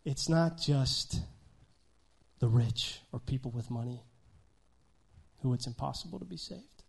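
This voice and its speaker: A man preaching a sermon in a conversational style, often checking in with "right?" and swinging between loud emphasis and quiet asides. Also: medium pitch, unhurried, gravelly, breathy edge. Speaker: pastor.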